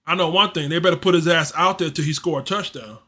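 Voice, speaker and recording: A fast-talking man with a slightly high, sharp voice hosts a fan livestream, giving casual play-by-play. His reactions are frustrated, slangy, and repetitive, and he rants.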